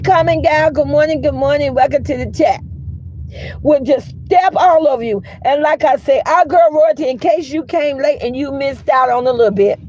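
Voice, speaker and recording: A woman hosting a casual commentary chat, telling stories in a blunt, profane, animated way. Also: high-pitched, lo-fi sound, slight background noise. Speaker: commentary livestream host.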